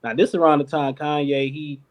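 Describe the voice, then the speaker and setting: A man's voice: fairly high pitch, little pitch movement, fairly quick. A man from Detroit, a clothing company founder, telling a long story as a podcast guest, laughing often and acting out what other people said. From Detroit, United States. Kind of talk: casual storytelling.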